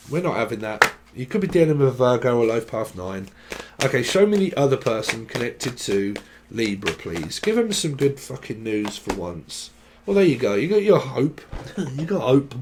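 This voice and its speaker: A man's voice: medium pitch, animated, a little slow, darkish tone, slight background noise. Rambling man reading tarot. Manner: rambling, slangy, acts out little chats. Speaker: tarot reader. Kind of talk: casual tarot reading monologue.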